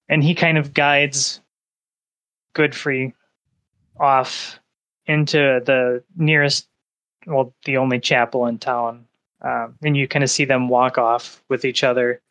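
A man narrating a tabletop game as game master, describing scenes in a casual, unhurried way. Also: mid-range voice, steady tone, fairly bright tone.

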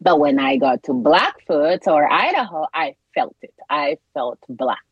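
A middle-aged woman from Kenya tells stories from her life in a lively, expressive way on a podcast. Her voice sits low for a woman. The sound is dry and a little dull. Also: unhurried, husky, no room sound. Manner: animated storyteller, laughs often. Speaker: podcast guest. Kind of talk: casual interview conversation.

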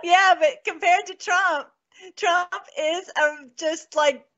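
A woman's voice: very high voice, fairly even intonation, slow pace, a bit bright, muffled recording. A woman hosting a casual political commentary show, gushing and laughing often as she talks. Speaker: host.

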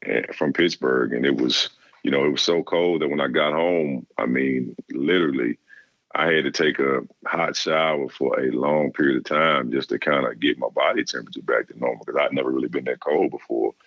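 A middle-aged man, a former player and interview guest, telling stories in a relaxed way and acting out the dialogue. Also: very deep voice, brisk, no echo. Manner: relaxed storyteller, acts out quoted dialogue. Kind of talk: casual interview storytelling. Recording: dull lo-fi dry sound.

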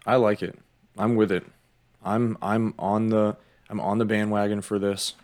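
A man's voice: lowish voice, level tone, unhurried, a little mellow. A man co-hosting a casual podcast, easygoing and agreeable, getting hyped about films. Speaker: podcast co-host. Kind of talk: casual chat.

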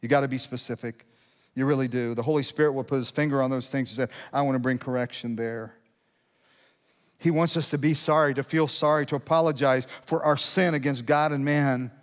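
A man's voice: mid-range voice, fairly even intonation, fairly quick, big-room sound. A male pastor preaching a sermon in a conversational style, asking rhetorical questions and building to emphatic peaks.

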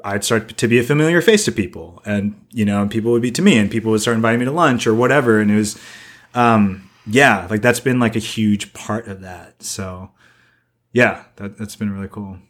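A podcast co-host with a lowish voice chats casually and fairly quickly. He rambles, leaning heavily on "like" as a filler.

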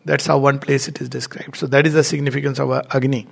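A man giving an unscripted lecture on spiritual texts, explaining at a measured pace with frequent fillers. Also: mid-range voice, little pitch movement, vocal fry.

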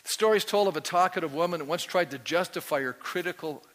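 A male pastor preaching a sermon to his congregation, animated and constantly asking them questions. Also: on the high side, fast. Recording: long hall reverb.

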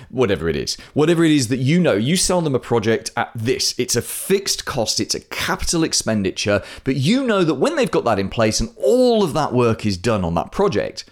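A man hosting a business podcast, talking solo in a chatty way with self-mocking asides. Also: medium pitch. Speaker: podcast host.

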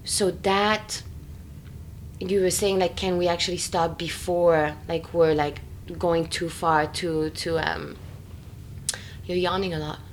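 A woman in a casual, expressive chat, full of fillers and quick laughter. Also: fairly low pitch, slight background noise. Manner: chatty and expressive, many fillers, frequent laughter.

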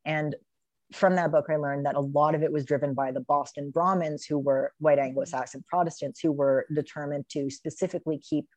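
A woman's voice: deep voice, fairly even intonation, fairly quick, a little mellow, no room sound. A woman hosting a casual book discussion podcast, enthusiastic and often laughing as she reads passages aloud. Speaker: podcast host.

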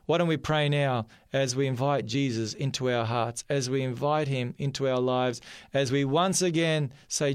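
Earnest Australian preacher, smooth dry voice. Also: male voice, mid-range voice, moderate pace, dry recording. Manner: earnest and heartfelt, softening into hushed tones on solemn words; repeats phrases for emphasis. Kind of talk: radio sermon with personal story and prayer.

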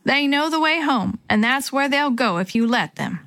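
Kindly old cowboy wrangler in a storybook, as a woman reads him, calm, reassuring, fairly high voice. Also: normal speed, dry recording.

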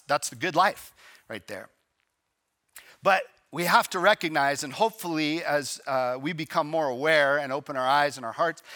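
A man preaching a live church sermon, telling a story and acting out its dialogue with lively emphasis. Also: mid-range voice. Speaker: pastor.

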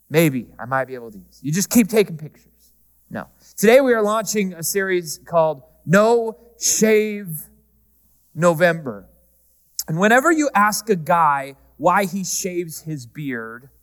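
A man preaching a sermon, talking to the congregation in a conversational, humorous way and shifting often between loud and soft. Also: a little high, clean tone. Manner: conversational preaching with humor, varying pace and volume. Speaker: pastor. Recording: reverberant hall.

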